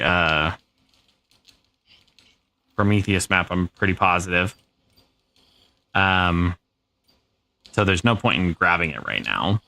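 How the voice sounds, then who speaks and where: Low-pitched yet bright, his tone comes across forceful. Playing a survival game on stream, he keeps things laid-back, musing aloud as he goes and brushing off whatever goes wrong.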